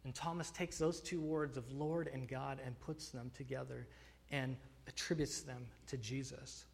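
A man's voice: medium pitch, steady tone, measured pace, vocal fry. A man preaching a sermon, earnest and emphatic, often restarting phrases with fillers. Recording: long hall reverb.

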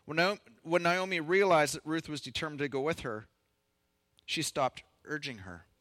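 Bright, high-voiced man preaching a sermon. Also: no room sound. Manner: earnest, measured scripture reading with light humor. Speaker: pastor.

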